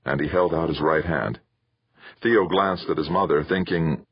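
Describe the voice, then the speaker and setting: A man reading an audiobook novel aloud in an expressive storytelling manner, in a dull, dry lo-fi recording. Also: a bass voice, normal speed, breathy edge, no echo. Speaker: audiobook narrator. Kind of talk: scripted narration.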